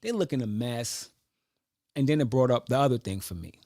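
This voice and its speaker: A man's voice: medium pitch, expressive, brisk, darkish tone, no room sound, studio quality. A man speaking in a reflective personal monologue, searching for words with frequent restarts.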